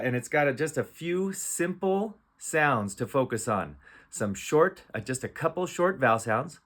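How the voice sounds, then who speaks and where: Slow, patient man sounding out phonics. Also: mid-range voice. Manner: sounds out letters one by one, then blends. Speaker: reading teacher. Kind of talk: slow phonics read-aloud lesson.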